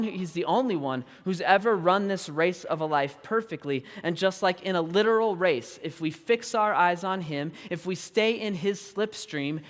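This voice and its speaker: A man in his thirties preaching a sermon, telling a personal story in an animated, self-deprecating way and laughing often. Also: high voice, big-room sound. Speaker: pastor. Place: large church auditorium.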